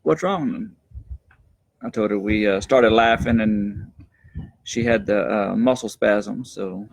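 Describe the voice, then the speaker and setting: A man adds short, matter-of-fact remarks to a home video. His voice is low and gravelly, with a husky edge. The sound is dry. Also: little pitch movement, slow pace, dry recording. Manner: brief, matter-of-fact interjections. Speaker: husband chiming in. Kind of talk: casual chat.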